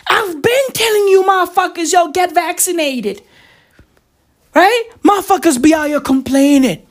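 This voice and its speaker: A woman's voice: very high voice, lively intonation, unhurried. A woman with a South African accent delivering a rambling, profane comic rant full of slang.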